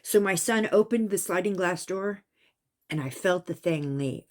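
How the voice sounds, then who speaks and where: A woman who has a son tells a spooky story in a casual vlog monologue about a psychic experience. Her voice sits on the low side and moves a little slowly, but she is animated and emphatic, raising her voice at the tense moments.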